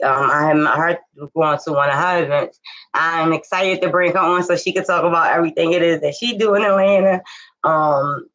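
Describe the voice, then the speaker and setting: A woman's voice: deep voice, a bit bright, rough recording. Nervous chatty Philly woman hosting a livestream. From Philadelphia. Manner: nervous, chatty, many fillers and restarts. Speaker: host of a live-streamed inspirational talk show. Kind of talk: casual live-stream chat.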